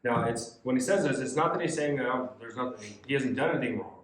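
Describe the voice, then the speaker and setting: A man's voice: mid-range voice, quick pace, a bit bright. A man leading a youth Bible study, reading scripture aloud and explaining it in a conversational way. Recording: echoey room.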